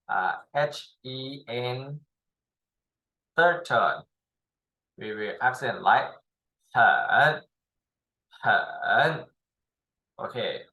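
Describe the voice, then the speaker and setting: A male tutor whose first language is Thai explains a lesson very slowly, in halting English full of pauses and fillers. His voice sounds bright and forward. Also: mid-range voice, rough recording. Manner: halting, many fillers and restarts, non-native English. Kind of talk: slow spoken language lesson.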